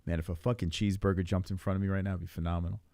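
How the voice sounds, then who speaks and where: A man in his forties with a New York accent, rambling and swearing in casual live stream chat while high, chuckling often. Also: level tone, racing, dark tone, no echo. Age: 40s.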